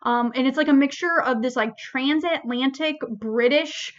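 A woman librarian hosting a casual review chat, animated and full of fillers like "like" and "um". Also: high-pitched, moderate pace, lo-fi sound. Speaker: librarian podcast host.

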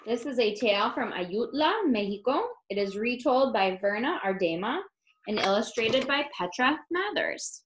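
A woman teacher reading a picture book aloud to children, expressive and explaining words as she goes. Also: a little high, normal speed, slight background noise, rough recording.

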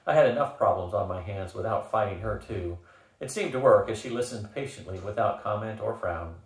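A man reading first-person audiobook narration with an expressive, wry touch. His voice sits low. The recording carries a roomy echo. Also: brisk, recorded from a distance.

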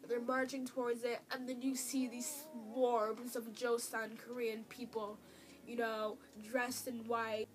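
A woman's voice: a little high, little pitch movement, measured pace, slight background noise. A woman with a stuffy, nasal voice from a cold, talking emotionally about a drama in a casual, rambling review full of fillers, recorded on a tablet. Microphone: tablet built-in mic.

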